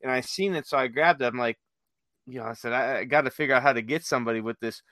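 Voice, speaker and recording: A man's voice: mid-range voice, quick pace, sharp tone, dry recording. A man telling prank stories in casual chat, rambling with many fillers and restarts. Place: workplace with dispatchers.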